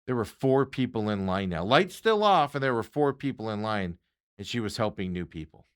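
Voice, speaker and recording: Animated male podcast host telling a story. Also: lowish voice, normal speed, clean tone. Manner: animated, exasperated retelling of an everyday run-in; acts out other people's lines in quotes. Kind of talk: casual storytelling monologue.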